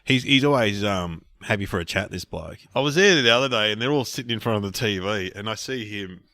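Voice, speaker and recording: A man's voice: fairly low pitch, fairly quick, no room sound. A middle-aged man, a comedian co-hosting a podcast, telling stories in casual chat and acting out the people in them. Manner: animated storytelling with quoted voices.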